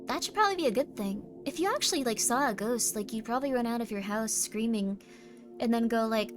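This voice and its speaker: Playful high-voiced woman streamer. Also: a little fast. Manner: rambling, playful and self-deprecating. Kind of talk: casual livestream chat, reading chat messages. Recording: stream mix with music playing under the voice. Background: background music.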